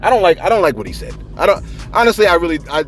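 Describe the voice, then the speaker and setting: A man's voice: rapid-fire, soft background music. A man giving casual, slangy celebrity gossip commentary, with big emphatic swings for effect. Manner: animated, slangy, jumping pitch for emphasis.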